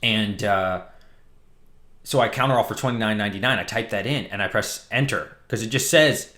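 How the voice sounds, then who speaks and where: A man casually telling a story on his vlog, animated and exasperated, later calmer. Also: lowish voice, normal speed, reverberant. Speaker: comic book vlogger.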